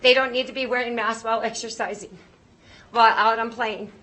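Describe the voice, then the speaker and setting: A woman's voice: fairly high pitch, steady tone, a little fast, sharp tone, low-quality recording. A woman giving a prepared public comment as a parent, earnest and pleading, nervous and choked up.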